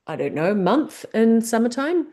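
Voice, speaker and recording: A woman's slightly high, mellow voice is very animated yet unhurried. She presents business tips with a New Zealand accent, talking through questions conversationally and asking numerous rhetorical ones.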